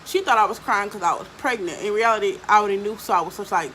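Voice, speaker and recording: A woman's voice: medium pitch, fast, fairly bright tone, slight background noise, poor audio. A young adult woman telling a personal story for her vlog, blunt and profane, with lots of fillers. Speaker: vlogger.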